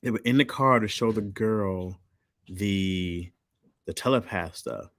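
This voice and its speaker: A man's voice: lowish voice, a little slow, a bit bright, no room sound. A man streaming live, chatting casually in loose slang and answering chat. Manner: loose slangy talk, reads chat aloud.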